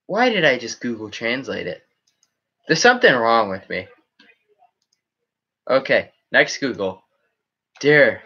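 A man's voice: medium pitch, very animated, slow pace, long pauses, sharp tone, breathy edge, muffled recording. A man chatting casually on a live stream, rambling as he reacts to chat comments. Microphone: webcam setup.

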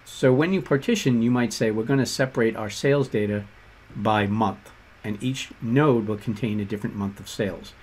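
A man with a Boston accent explaining code step by step in a relaxed tutorial. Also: lowish voice, moderate pace, slightly rough. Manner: relaxed explanatory walkthrough with fillers and asides. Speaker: instructor. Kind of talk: screen-share coding tutorial.

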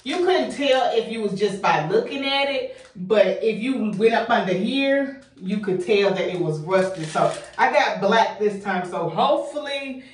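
A woman's voice: medium pitch, animated, measured pace, few pauses, far from the mic. Breathless, chatty woman in an echoey bathroom. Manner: chatty, effusive, addresses viewers as y'all. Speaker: home organization vlogger. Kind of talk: casual vlog chat.

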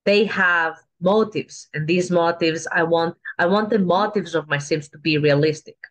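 A woman in casual conversation, talking in a measured, reflective way. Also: fairly low pitch. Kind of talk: casual chat.

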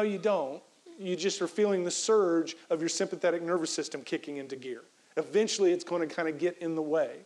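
Man, high voice, motivational keynote, energetic, repeats phrases for emphasis. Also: low-quality recording. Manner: coaches the audience through a breathing exercise. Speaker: professor giving a keynote talk.

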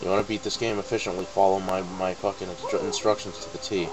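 A man's voice: low voice, flat delivery, fast, poor audio. A man giving casual, profane, joking let's play commentary. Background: game music.

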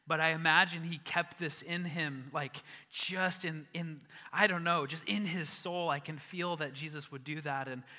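Brief: male pastor, earnest sermon, fairly high and very bright voice, long hall reverb. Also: steady tone, moderate pace, hardly any pauses. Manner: earnest, rising to emphatic peaks. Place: church sanctuary.

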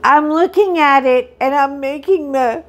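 Middle-aged lady crafting vlogger, kinda high voice, takes her time, gushy and jokey about herself. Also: a little slow. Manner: chatty, excitable, self-deprecating. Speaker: crafting vlog host. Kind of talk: casual chat while unboxing.

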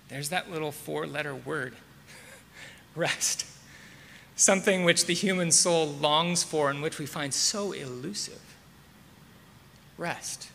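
A man preaching a sermon as pastor, measured and repeating key words for emphasis. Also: fairly high pitch, sharp tone, slight background noise. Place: church sanctuary. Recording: long hall reverb.

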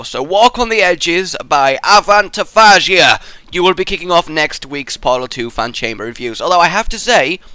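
A young man giving excitable, jokey let's play commentary as he plays through puzzle maps, yelping and shouting when he fails. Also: a little high, clean tone, dry recording. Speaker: gaming YouTuber.

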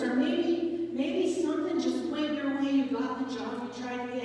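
A woman in her forties preaches in a church, her voice fairly high. She tells stories casually and keeps asking the listeners questions. The sound is echoey and comes from some distance across a large hall. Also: dark tone. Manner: conversational storytelling, asks the congregation questions. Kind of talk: sermon. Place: church sanctuary.

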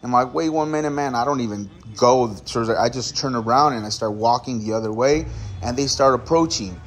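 A man's voice: mid-range voice, a little fast, a little hiss or hum. Man telling a story to camera. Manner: animated retelling, acts out dialogue. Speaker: vlogger. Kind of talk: casual storytelling narration.

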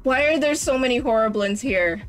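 A woman streaming a game live, excitable, talking back to the game, swearing and laughing as she plays. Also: a little high, normal speed, soft background music, low-quality recording. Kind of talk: live gameplay commentary.

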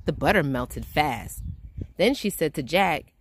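A woman reading a picture book aloud to children in a gentle, expressive storytelling manner. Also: deep voice, measured pace, husky. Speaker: children's read-aloud host.

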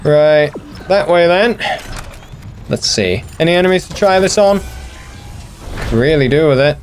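Sweary self-mocking gaming host, fairly high voice. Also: male voice, lively intonation, a little slow, soft background music. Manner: self-deprecating, sweary, chatty. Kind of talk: casual let's play commentary.

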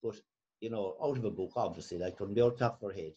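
A man's voice: on the low side, fast talker, dark tone. A man from Cork, a guest on a video call, telling a story with chuckles. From Cork, Ireland. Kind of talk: casual video call interview. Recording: dull lo-fi video call audio.

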